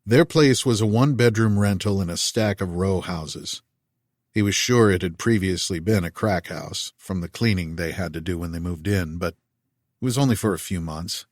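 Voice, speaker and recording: A man reads a science-fiction audiobook in a measured, even manner. His voice sits low, and the recording is dry and close with no room sound. He moves steadily through the prose. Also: no echo. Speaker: audiobook narrator. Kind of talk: scripted narration.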